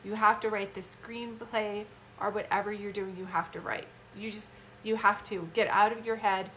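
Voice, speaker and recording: A woman's voice: medium pitch, steady tone, moderate pace, a bit bright, slight background noise. A woman, a psychic medium chatting heartfelt and casual on a phone live stream. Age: 50s. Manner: chatty, heartfelt, many fillers.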